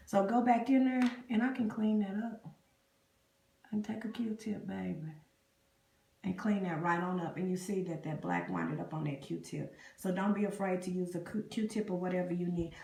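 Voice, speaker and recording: A woman talks her live viewers through a makeup tutorial, greeting them by name as she works. Her voice has a gravelly fry, and the phone mic picks up an echoey room. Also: mid-range voice, normal speed. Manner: chatty, greets live viewers, calls them y'all and honey. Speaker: beauty vlogger. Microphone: phone camera up close.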